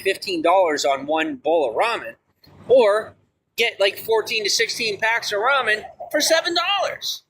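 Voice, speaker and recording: Excitable man with a bright, lively voice. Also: a little slow, a little hiss or hum. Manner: excitable, swings from shouting to low grumbling. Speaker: livestreamer. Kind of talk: rambling live-stream chat.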